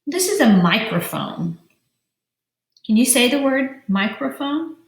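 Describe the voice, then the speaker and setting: Woman teacher, slow careful delivery, drawn-out syllables, roomy echo. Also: on the high side, big pitch swings, creaky. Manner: slow, drawn-out syllables, spelling letters aloud. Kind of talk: vocabulary lesson for young children.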